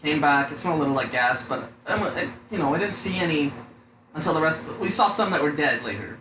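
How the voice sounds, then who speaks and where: Talking fast in an animated, sharp, slightly high voice, this young podcast co-host rambles through a casual chat. He curses constantly and drops "dude" often. Faint noise and echo fill the room.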